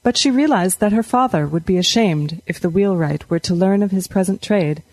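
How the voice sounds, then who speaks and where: A woman narrating a fiction story in a steady storytelling manner on a close studio mic. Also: medium pitch, normal speed, no echo. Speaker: audiobook narrator.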